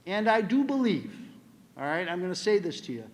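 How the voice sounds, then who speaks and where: A man's voice: high voice, sing-song, fairly quick. An older man, a school administrator, giving a ceremony speech to honor students in a large hall, telling a family story.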